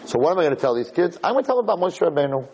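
Husky-voiced rabbi telling a story. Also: male voice, a little high, rapid-fire, low-quality recording. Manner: animated storytelling, rising to emphatic peaks. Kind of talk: sermon with storytelling.

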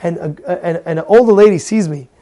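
Guy with a high voice telling a story in a torah class, acts out all the dialogue, trips over his words a lot. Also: brisk. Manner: animated, acts out dialogue, many restarts; mixes in Hebrew words. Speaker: Torah teacher.

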